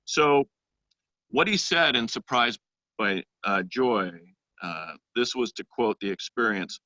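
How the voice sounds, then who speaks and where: A man giving a church education talk on literature, speaking thoughtfully with frequent pauses and reading passages aloud. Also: medium pitch, animated, sharp tone, no echo, lo-fi sound.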